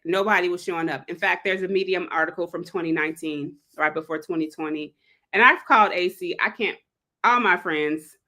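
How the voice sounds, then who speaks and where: A woman hosting a live read-along, chatting casually and digressing, acting out quotes with big leaps in pitch. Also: bright, forceful tone. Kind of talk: casual livestream talk.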